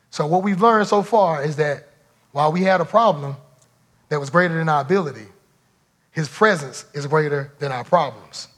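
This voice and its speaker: Pastor delivering a sermon, man with a high voice, emphatic and repetitive. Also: moderate pace, a bit bright. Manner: emphatic, repeats phrases for effect.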